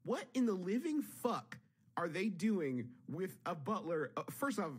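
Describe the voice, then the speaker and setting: A man's voice: high-pitched, sing-song, measured pace, husky. A man co-hosting a comedy podcast, rambling and mock-indignant. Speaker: podcast co-host.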